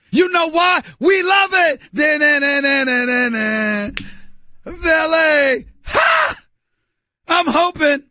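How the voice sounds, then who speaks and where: A middle-aged New York man hosts a sports talk show, his voice pitched high and bright as he hammers points home in emphatic, repeated bursts. The sound is dry and close, with no room around it. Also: no room sound. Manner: emphatic, repetitive, preacher-like bursts. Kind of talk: animated sports talk monologue.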